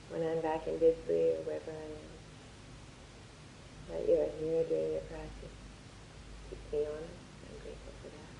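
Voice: mid-range voice, gravelly, a little hiss or hum. Dharma teacher in an echoey room. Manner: lively anecdotal storytelling. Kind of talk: Dharma talk with guided meditation. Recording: echoey, dull lo-fi room recording.

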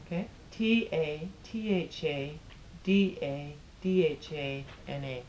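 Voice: medium pitch, slow, a little mellow, dull audio, a little hiss or hum. A teacher giving a patient, step-by-step pronunciation lesson, spelling out syllables and chanting them in rhythmic sequences.

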